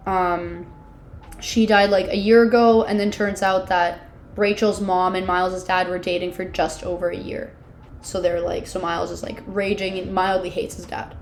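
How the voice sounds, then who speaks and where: A twentysomething woman co-hosts a podcast, summarizing a book in casual chat with lots of "like" and dramatic disgust reactions. Her voice is medium-pitched, with a flat delivery and measured pace, and there's slight background noise.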